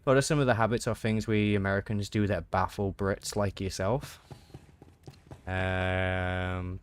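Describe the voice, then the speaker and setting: Low-voiced English man chatting on stream. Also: steady tone, a little slow, a little hiss or hum. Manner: easygoing, reads and answers chat aloud. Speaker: game streamer. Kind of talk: casual live-stream chat.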